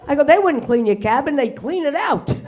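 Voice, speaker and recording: A woman's voice: high voice, expressive, brisk, a little mellow, slight background noise. A middle-aged woman doing a stand-up set on a club stage. She swears freely and acts out the characters in her punchlines. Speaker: stand-up comedian. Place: comedy club stage before a live audience.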